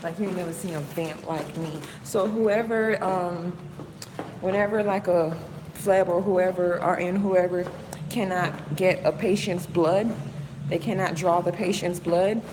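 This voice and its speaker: A woman's voice: on the low side, fairly even intonation, a little slow. A young woman chatting slangily and boastfully on a casual live phone video. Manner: slangy, chatty, self-hyping. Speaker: live-stream host. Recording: noisy with vehicle sounds behind.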